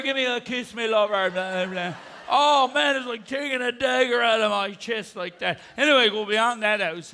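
A man's voice: high voice, sharp tone. A man voicing a chatty, crude Newfoundland local who gives long rambling directions, with a Newfoundland accent.

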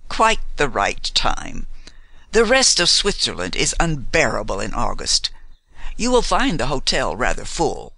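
A man's voice: medium pitch, huge pitch swings, unhurried, vocal fry, pushed and bright, no echo, full character voice, poor audio. A man voicing a haughty, nosy older society lady in an audiobook, prying and condescending under a polite surface. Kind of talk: audiobook character reading.

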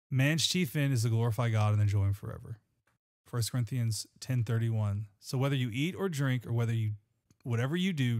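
A man's voice: medium pitch, darkish tone. A man, co-hosting a podcast, reading scripture and chatting in an earnest, rambling way with restarts. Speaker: podcast co-host. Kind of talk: scripture reading and casual chat.

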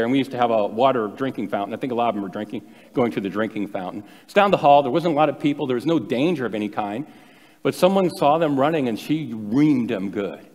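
A man's voice: medium pitch, darkish tone. A male pastor preaching a sermon, telling stories in a conversational way with self-deprecating asides. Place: church sanctuary. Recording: long hall reverb.

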